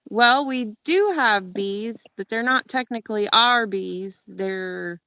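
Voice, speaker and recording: A woman co-hosting a casual chat, reading viewer comments aloud in a relaxed, easygoing way. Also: medium pitch, slow pace, clean tone.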